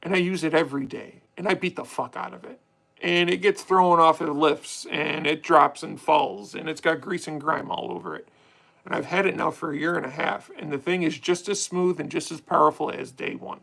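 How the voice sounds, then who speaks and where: A man's voice: fairly high pitch, steady tone, normal speed, creaky, a bit bright, rough recording. A young man hosting a casual live stream, chatty and swearing freely as he answers viewer questions. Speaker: livestream host.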